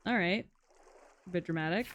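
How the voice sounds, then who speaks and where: A woman's voice: fairly low pitch, normal speed, fairly bright tone, a little hiss or hum. A woman streaming a card game, talking casually to chat, swearing and muttering in frustration with sarcastic asides. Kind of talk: casual live-stream chat while playing.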